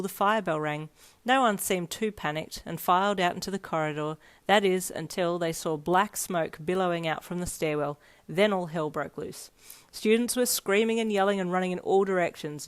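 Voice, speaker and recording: A woman narrating a fanfiction story aloud in a steady storytelling read. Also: fairly low pitch, smooth. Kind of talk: scripted narration.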